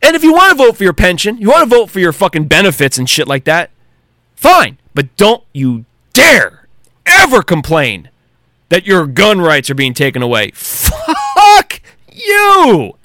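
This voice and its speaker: High-voiced ranting podcast man. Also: very animated, moderate pace, dry recording, studio quality. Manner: profane, heated, shouting outbursts. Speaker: podcast host. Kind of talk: angry solo podcast rant.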